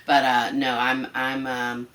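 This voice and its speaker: A woman's voice: extremely low pitch, takes it slowly. A woman being interviewed as a guest, talking bluntly and animatedly with lots of profanity and acting out what others say. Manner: profane, blunt and animated, acts out quoted voices. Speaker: guest artist. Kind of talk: candid interview conversation. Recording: echoey room.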